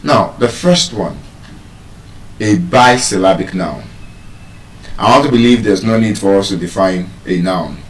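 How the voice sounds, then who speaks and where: A man from Nigeria teaching a lesson on word stress to public speakers, measured and repetitive, asking his listeners questions as he goes. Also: low voice, a little hiss or hum. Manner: measured, repeats key points, asks the audience questions. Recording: roomy echo, speaker far from the mic.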